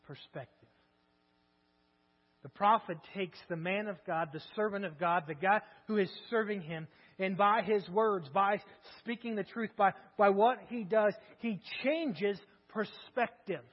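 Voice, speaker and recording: A man's voice: sits high, a little slow. A male preacher giving a sermon, telling the story in a conversational way with many rhetorical questions. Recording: echoey hall, dull lo-fi sound, mains hum.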